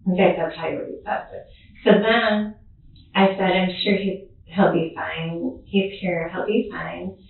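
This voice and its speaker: A woman giving a police interview as a child's godmother, talking haltingly, repeating herself and acting out what others said. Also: fairly low pitch, fairly even intonation, creaky. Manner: halting, repeats herself, acts out quoted speech. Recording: echoey distant phone-like interview-room recording.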